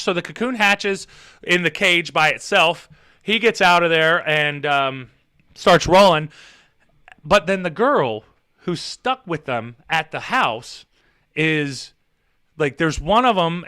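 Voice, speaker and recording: A man recapping a movie on a casual live stream, excitable and profane, often laughing as he retells scenes. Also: high-pitched.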